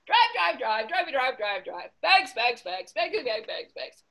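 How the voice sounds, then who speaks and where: A woman's voice: high-pitched, animated, extremely slow, fairly bright tone, heavily acted. Woman doing Gerald, a fussy bossy elephant. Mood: chanting. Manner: bossy, chanting, fretful outbursts. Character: fussy worried male elephant planner.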